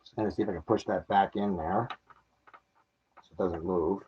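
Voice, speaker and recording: A man's voice: low-pitched, steady tone, normal speed, highs cut off, a little hiss or hum. A man chatting casually while unboxing a collectible toy car, self-mocking and laughing at himself.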